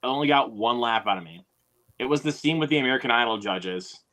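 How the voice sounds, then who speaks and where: A man's voice: mid-range voice, expressive, fast, sharp tone. A young man hosting a live stream, rambling in a laid-back way with lots of fillers. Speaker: streamer host. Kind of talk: casual chat.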